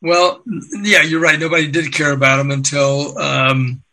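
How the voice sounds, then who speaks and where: An older man, a record executive, telling lively anecdotes as an interview guest, acting out the quotes and laughing along. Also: a little high, moderate pace, vocal fry, low-quality recording. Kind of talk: anecdotal storytelling.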